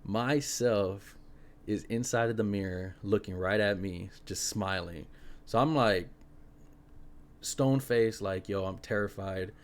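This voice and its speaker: A young man hosting a podcast, telling a spooky personal story in an animated, casual way, full of fillers. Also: fairly low pitch, slow pace. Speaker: podcast host.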